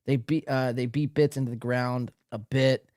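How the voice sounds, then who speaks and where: A man's voice: mid-range voice, fairly even intonation, moderate pace, darkish tone, no echo, studio quality. A man hosting a podcast, giving crude, mocking, profane commentary. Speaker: podcast host.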